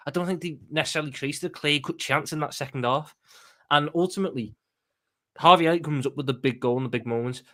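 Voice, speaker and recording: A man giving fired-up football analysis as a panel guest, repeating words as he pushes his points. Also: a little high. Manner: fast, emphatic, repeats words when excited. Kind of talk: passionate match analysis.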